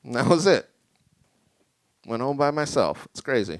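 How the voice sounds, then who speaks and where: A young man doing a stand-up set in a small venue, rambling and deadpan, a bit tipsy. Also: medium pitch, moderate pace, long pauses, no room sound. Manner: deadpan, rambling, self-deprecating. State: tipsy from drinking. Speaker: stand-up comic. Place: small creative community venue with live audience.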